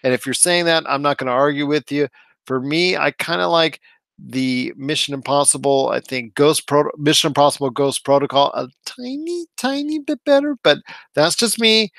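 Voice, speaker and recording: A man's voice: a little high, normal speed, vocal fry, fairly bright tone, no room sound. A man co-hosting a casual movie review chat, enthusiastic and fond of stock phrases. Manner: enthusiastic, repeats catchphrases like "I'll tell you what". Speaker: movie podcast host.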